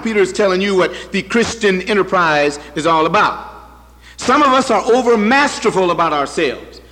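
A man preaching a sermon as pastor, swinging from loud high bursts to quiet low asides. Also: in a large hall.

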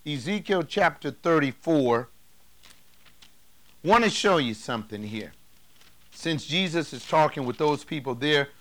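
A man preaching a sermon as pastor, emphatic and rising to loud declarations. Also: fairly high pitch. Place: church sanctuary.

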